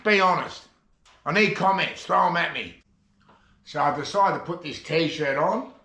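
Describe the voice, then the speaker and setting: Gravelly Australian bloke telling jokes. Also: male voice, on the high side, measured pace, bright, forceful tone, reverberant. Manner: rambling, chatty joke delivery. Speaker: comedy vlogger. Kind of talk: casual joke telling to camera. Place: shed.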